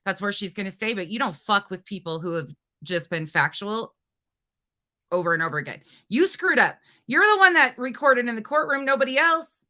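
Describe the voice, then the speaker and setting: A woman's voice: medium pitch, lively intonation, moderate pace, pushed and bright. A woman hosting a livestream, ranting angrily and profanely at a rival and taunting her. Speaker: livestream host. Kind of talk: heated livestream rant.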